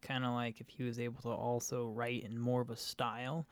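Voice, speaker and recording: A man's voice: mid-range voice, completely flat delivery, fairly quick, smooth, no echo. A man co-hosting a podcast in casual chat, laid-back and slangy, with many fillers. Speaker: podcast co-host reviewing stories.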